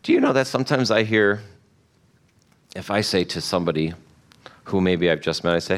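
A man's voice: sits low, lively intonation, moderate pace, pauses often. Middle-aged guy pastor giving a sermon, talks casual, does the voices of people he quotes. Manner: conversational, acts out quoted voices.

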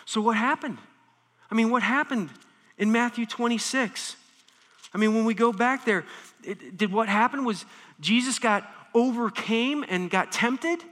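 A man preaching a sermon, animated, swinging between quiet explanation and intense emphasis. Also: very high voice, a little slow. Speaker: pastor. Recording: reverberant hall.

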